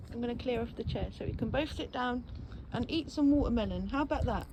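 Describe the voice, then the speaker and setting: A woman talking slowly to her cat in a casual vlog, cooing high sing-song baby talk and repeating soft affectionate phrases. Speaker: vlogger. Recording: loud background noise.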